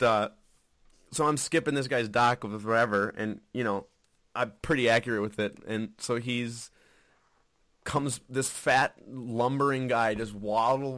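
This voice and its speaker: A man spins profane, animated stories in casual chat and keeps breaking into laughter. His voice sits at an ordinary pitch, recorded close in a dry, dead room. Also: dry recording. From Wisconsin.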